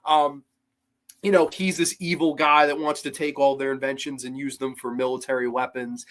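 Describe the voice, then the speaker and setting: A man's voice: medium pitch, a bit bright. A man hosting a film show, talking casually and enthusiastically about a movie he loves and acting out quoted lines. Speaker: film podcast host. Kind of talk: casual film review monologue.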